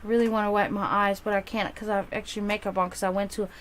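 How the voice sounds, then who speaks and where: A woman with a German accent carrying a slight Slavic touch, a native German speaker, chatting bubbly and casually as a psychic reader hosting a livestream. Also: flat delivery. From half German, half Serbian. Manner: chatty, bubbly, quick swings in pitch and loudness.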